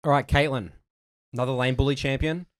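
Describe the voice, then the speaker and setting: A man co-hosting a gaming podcast, chatting in a relaxed way with plenty of fillers. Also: mid-range voice, fairly quick. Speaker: podcast co-host. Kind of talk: casual gaming podcast chat.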